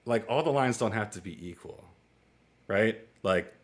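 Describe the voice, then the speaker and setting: A man in his forties teaching music theory in a casual, chatty lecture, digressing into stories and acting out little exchanges. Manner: chatty and digressive, with quick asides and laughs; acts out dialogue with lively jumps in pitch. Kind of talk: casual lecture to a small online class.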